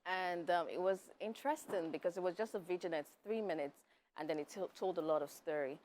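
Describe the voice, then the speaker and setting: A woman guest on a TV interview, speaking softly and hesitantly with many fillers. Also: on the low side, brisk. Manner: soft-spoken, hesitant with fillers. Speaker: filmmaker and advocate guest. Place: TV studio.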